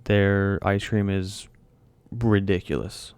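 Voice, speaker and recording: A man's voice: on the low side, fairly even intonation, slow pace, a little mellow, clean tone, no room sound, clean studio sound. A young man hosting a casual podcast, running a draft like a mock announcer and joking around. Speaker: podcast host.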